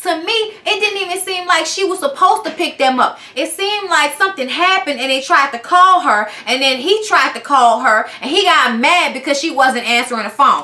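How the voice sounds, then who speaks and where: A woman reviewing a reality TV episode in a blunt, animated and profane casual rant. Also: sits high, normal speed, few pauses. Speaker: TV show reviewer. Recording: echoey room.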